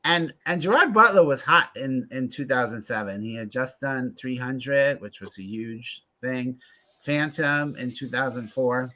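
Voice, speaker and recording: A man's voice: medium pitch, measured pace, pushed and bright. A man hosting a casual movie club chat, gossiping and making sarcastic asides about a film and its cast.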